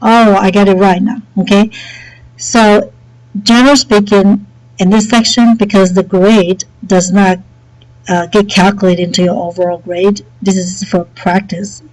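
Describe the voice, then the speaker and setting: A woman teacher with a headset mic walks students through software setup in a relaxed, chatty way, saying okay often. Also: medium pitch, unhurried, poor audio. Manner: relaxed and chatty, many okays and fillers. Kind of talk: screen-recorded software tutorial.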